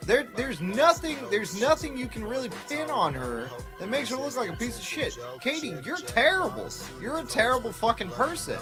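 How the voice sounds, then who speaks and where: A man's voice: high voice, big pitch swings, moderate pace, over music. A man livestreaming an angry, profane, confrontational rant at people who talk about him.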